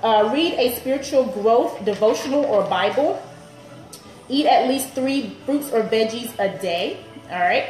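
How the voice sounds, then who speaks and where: Give me an upbeat, chatty woman trainer on a live stream, slightly high voice, in an echoey room. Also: lively intonation, measured pace, a little mellow, soft background music. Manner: chatty, upbeat, laughs often. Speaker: personal trainer. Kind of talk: live-stream chat with viewers.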